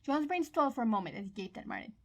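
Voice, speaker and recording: A woman's voice: fairly high pitch, big pitch swings, very fast, rough recording. Woman narrating a fan audiobook. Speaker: fan fiction reader.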